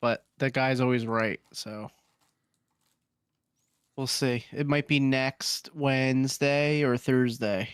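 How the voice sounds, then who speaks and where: A man's voice: mid-range voice, fairly even intonation, slow pace, pauses often, smooth, no echo, clean studio sound. A man hosting a casual gaming podcast, reading forum posts aloud with laughing asides. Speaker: podcast host.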